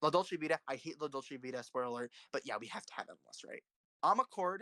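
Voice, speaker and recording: A man giving casual, opinionated film commentary, rambling with many restarts and fillers, profane and excitable. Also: mid-range voice, racing, no room sound, studio quality. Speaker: filmmaker and author ranking films.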